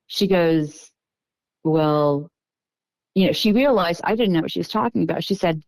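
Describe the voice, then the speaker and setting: A middle-aged woman from Texas, a podcast guest, recounting a personal story in an unhurried, halting way with frequent restarts. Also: medium pitch, creaky, a little mellow, no room sound, low-quality recording.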